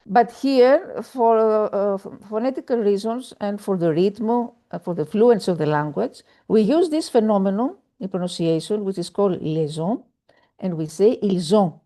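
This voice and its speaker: A woman's voice: mid-range voice, normal speed, dark tone. A woman teaching a French lesson over a video call, speaking hesitantly with many fillers and repeating each example. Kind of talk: online language lesson.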